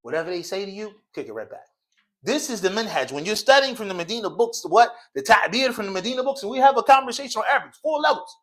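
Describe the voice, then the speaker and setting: A man's voice: high-pitched, big pitch swings, fast talker, fairly bright tone. Guy teaching arabic to a class, jokey and slangy, laughs a lot, voice jumps all over. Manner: playful, joking, laughs often; slangy casual speech. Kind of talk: classroom Arabic lesson, call and response. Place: mosque classroom.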